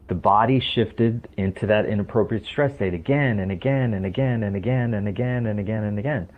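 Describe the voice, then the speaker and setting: Male guest, lowish voice, emphatic, asks rhetorical questions, phone-quality audio. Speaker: podcast guest, stress coach. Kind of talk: explanatory interview talk. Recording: tinny phone-like line.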